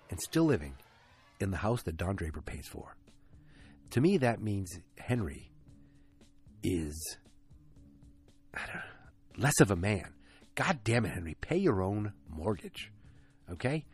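Low, husky-voiced man recapping a show casually, opinionated and prone to tangents. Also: darkish tone. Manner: ranting, swears, goes off on tangents. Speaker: TV episode recapper.

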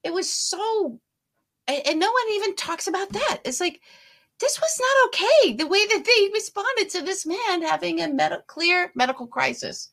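A woman's voice: very high voice, big pitch swings, normal speed, gravelly, fairly bright tone. Chatty woman podcast co-host. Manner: chatty, trails off and restarts mid-sentence. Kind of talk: casual political chat.

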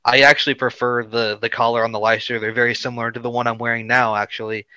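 Bright, clear-voiced man giving blunt takes. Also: mid-range voice, level tone, quick pace, dry recording, muffled recording. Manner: blunt opinions, hesitant fillers. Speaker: podcast co-host. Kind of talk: casual chat.

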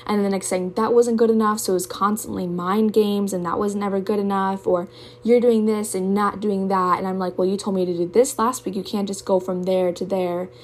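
A woman's voice: medium pitch, level tone, fairly quick, hardly any pauses. A young woman hosting a podcast, talking candidly and emotionally in a personal monologue, swearing often. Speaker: podcast host.

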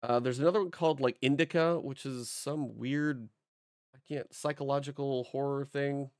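A man at an average pitch co-hosts a games podcast in a loose, rambling way, full of fillers and restarted sentences. His voice is recorded dry and close, with no room sound. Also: fairly even intonation, normal speed, dry recording. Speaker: podcast co-host, game reviewer. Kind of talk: casual chat.

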